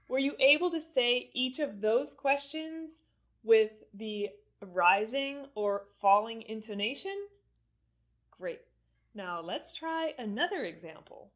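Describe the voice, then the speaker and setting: A woman teaching English pronunciation in a scripted lesson, speaking deliberately and exaggerating her intonation in the examples. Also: a little high, animated.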